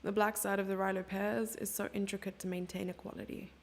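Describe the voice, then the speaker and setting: Chatty woman streaming chess commentary, gravelly. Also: mid-range voice, little pitch movement, fairly quick. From Germany. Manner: chatty, self-mocking, thinking aloud over moves. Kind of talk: casual live-stream commentary.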